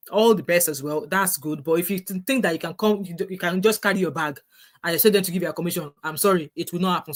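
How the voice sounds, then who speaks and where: A middle-aged woman with a Nigerian English accent, vlogging casual advice earnestly and often restarting her sentences. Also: lowish voice. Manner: earnest, repetitive, with frequent restarts.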